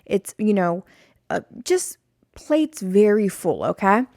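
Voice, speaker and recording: She hosts her own podcast and talks by herself, rambling, making fun of herself, and frequently drifting off topic. The woman's medium-pitched voice is slow yet very animated and a little mellow, with a dry, clean studio sound.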